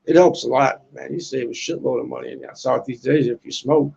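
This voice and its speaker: A man's voice: mid-range voice, steady tone, brisk, vocal fry, darkish tone, lo-fi sound, a little hiss or hum. A man in his sixties from the United States, rambling crudely on a casual livestream, tacking "man" onto his lines, outdoors on a balcony. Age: 60s. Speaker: livestream host.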